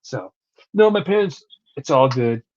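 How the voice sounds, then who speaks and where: A man's voice: mid-range voice, expressive, measured pace. Profane, rambling young man chatting. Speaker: podcast co-host. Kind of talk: casual wrestling recap chat. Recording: dull lo-fi recording.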